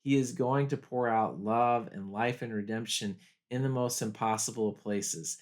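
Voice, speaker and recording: A man's voice: medium pitch, steady tone, darkish tone. Earnest male pastor giving a study talk. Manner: earnest, reflective, slows down for quoted lines. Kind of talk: video study guide commentary.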